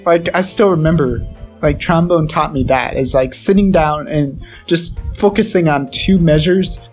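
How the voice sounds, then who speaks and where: A man's voice: fairly high pitch, unhurried, a little mellow, faint music behind. A young man chatting casually as a podcast co-host, rambling with lots of fillers and scatting melodies aloud. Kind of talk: casual chat.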